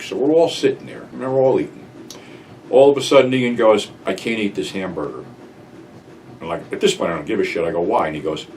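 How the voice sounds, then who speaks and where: Brief: older New man, lively swearing storyteller, mic a bit distant, faint hiss. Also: lowish voice. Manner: profane, rambling, animated storytelling. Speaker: channel host recounting memories. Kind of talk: casual storytelling monologue.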